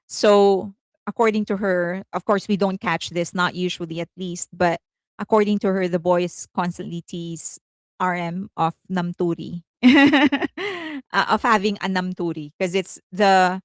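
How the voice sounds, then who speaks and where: A woman's voice: lowish voice, measured pace, dry recording. A woman hosting casual commentary, chatty, often giggling and correcting herself mid-sentence. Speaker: host.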